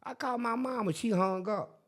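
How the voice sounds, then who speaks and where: A man's voice: very high voice, fairly quick. An older man telling a story in casual chat, acting out the people he quotes. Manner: animated, acts out quotes in different voices. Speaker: guest.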